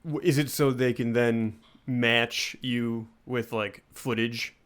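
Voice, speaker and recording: A man co-hosting a podcast, chiming in with dry, deadpan remarks. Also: medium pitch, slow, clear, resonant tone. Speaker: podcast co-host. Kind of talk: casual chat.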